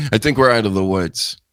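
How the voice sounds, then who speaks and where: A man's voice: medium pitch, creaky, a bit bright, no room sound. Rambling, joking male show host. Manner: rambling, joking, self-mocking asides. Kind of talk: live wrestling news talk show.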